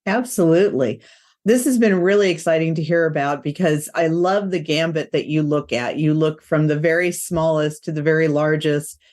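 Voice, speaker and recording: A woman's voice: sits low, moderate pace, a little mellow. Enthusiastic, slightly nasal woman podcast host. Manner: enthusiastic, chatty. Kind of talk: podcast interview.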